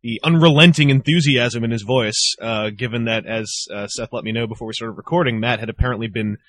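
A man's voice: mid-range voice, brisk, a bit bright, no echo. A man hosting a casual chat, talking in rambling, self-interrupting bursts. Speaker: podcast host.

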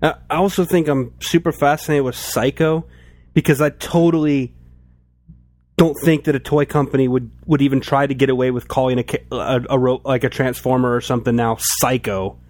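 A man's voice: mid-range voice, steady tone, fairly quick, a little mellow, no room sound. A man in casual chat about toys, rambling with many restarts and filler words. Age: adult, toy collector since childhood.

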